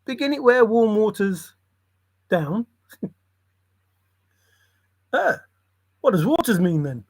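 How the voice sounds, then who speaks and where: A man's voice: sits high, sing-song, slow, pauses often, dry recording. A man rambling in a solo monologue, muttering to himself and breaking into sudden exclamations. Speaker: channel host.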